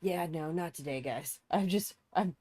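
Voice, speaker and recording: Streaming a building game, a woman chats casually, thinking out loud and teasing herself while she nurses a sore throat. Her voice is low, a bit slow and mellow, with no echo.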